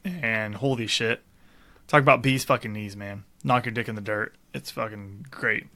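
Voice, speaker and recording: A young man chatting on a podcast with a bright, forward voice. He is laid-back and swears freely as he talks about beer and movies. He laughs easily. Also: lowish voice, fairly even intonation, normal speed. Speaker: podcast co-host. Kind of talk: casual chat over beers.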